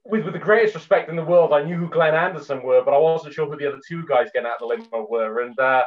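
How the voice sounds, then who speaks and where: A man's voice: fairly high pitch, fast talker, recorded from a distance. A male host asks rambling, self-correcting questions in a casual chat. He sits away from the microphone. The sound is dull and muffled.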